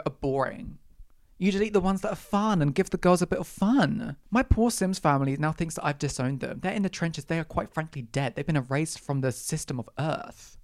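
Her voice is deep and a little mellow as this young podcast host goes on a solo comedic rant, swearing and acting exaggeratedly outraged. The recording is studio quality, with no sound from the room.

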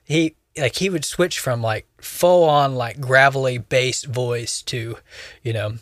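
A young man talks through a casual podcast discussion, circling his point with plenty of "like" and "you know" and restarting his sentences. His voice sits at a middle pitch and is recorded close and dry, with no room sound around it. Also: takes it slowly, no echo. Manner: rambling, many fillers and restarts. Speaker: podcast co-host.

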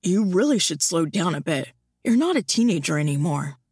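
A woman's voice: sing-song, normal speed, a little mellow, no room sound, studio quality, heavily acted. A woman voicing a silky, teasing charmer. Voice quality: low, silky and smooth.

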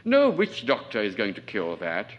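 The reader is a man with a fairly low voice whose pitch swoops wildly, speaking at normal speed on a lo-fi recording. His character, a stern aging colonel, belittles his staff with clipped scorn, cutting remarks and abrupt, sharp outbursts, domineering throughout.

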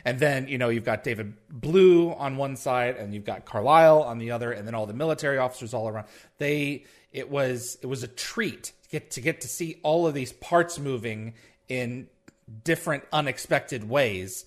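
A man's voice: medium pitch, normal speed. A man hosting a casual interview, asking questions and reacting with enthusiasm. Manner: enthusiastic, asks questions, brief affirmations. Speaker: podcast host.

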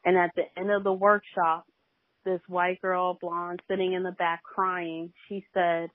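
A woman's voice: on the low side, level tone, moderate pace, no room sound. A woman, a minister appearing as a podcast guest, telling a faith story with many hesitations. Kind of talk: faith testimony in a podcast interview. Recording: tinny phone line.

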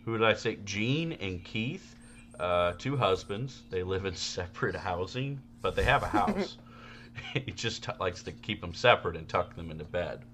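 A man's voice: low voice, lively intonation, normal speed, fairly bright tone, slight background noise. A man co-hosting a podcast, telling rambling, profane stories in casual chat. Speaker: podcast co-host.

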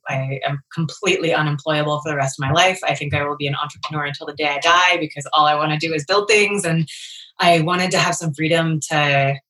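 Low-voiced woman, chatty and candid. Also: fairly bright tone, low-quality recording. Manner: open and chatty, many fillers like "like" and "um". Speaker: guest, entrepreneur. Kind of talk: candid conversational interview.

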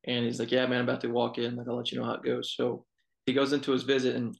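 A man's voice: mid-range voice, quick pace, gravelly, low-quality recording. A young man, an assistant college baseball coach, telling stories casually in an interview with many fillers. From Texas. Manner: storytelling, relaxed, many fillers.

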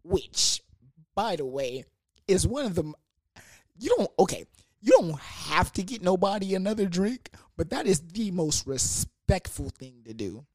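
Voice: mid-range voice, sing-song, unhurried, a little mellow, no echo, clean studio sound. A young adult telling a comedic storytime about a party, in a loose, slangy, profane manner with lots of fillers. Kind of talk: casual storytime monologue.

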